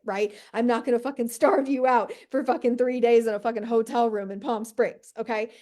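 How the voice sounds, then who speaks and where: A woman business coach in a brash, profane, high-energy motivational monologue, full of "like" and "right?". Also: mellow.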